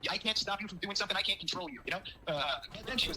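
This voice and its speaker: A man's voice: high voice, rapid-fire, hardly any pauses, pushed and bright, a little hiss or hum, poor audio. A man telling his side of a breakup on a live stream, rambling and quoting what others said. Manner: rambling, full of fillers, quotes others. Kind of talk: casual storytelling on a live stream.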